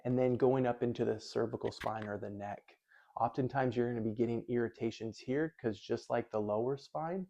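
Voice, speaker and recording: Male physical therapist, mid pitch, mellow and warm, steady instructive delivery, a bit muffled. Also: normal speed, gravelly. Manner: calm, methodical, thinks aloud. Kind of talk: explanatory lesson.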